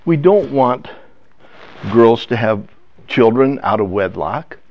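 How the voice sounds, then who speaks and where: An older man telling a family story in a personal testimony talk, halting and emotional, with many restarts. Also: mid-range voice, expressive. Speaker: speaker. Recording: dull lo-fi sound.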